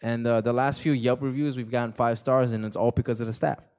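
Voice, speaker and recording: A man's voice: mid-range voice, steady tone, fairly quick, darkish tone, clean tone. Slangy rambling young man host. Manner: rambling, slangy, repeats himself. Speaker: podcast host. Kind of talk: casual chat.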